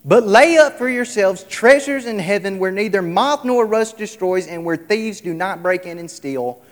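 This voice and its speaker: A man preaching a sermon, emphatic, repeating his lines and swinging between loud and soft. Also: high-pitched, animated, moderate pace. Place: large hall, tonight service. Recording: echoey hall with long reverb.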